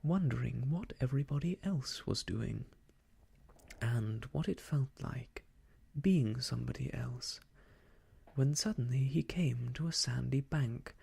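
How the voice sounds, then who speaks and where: A storyteller reading an old children's book aloud in whispered role-play, slow and soft. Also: mid-range voice, vocal fry, husky.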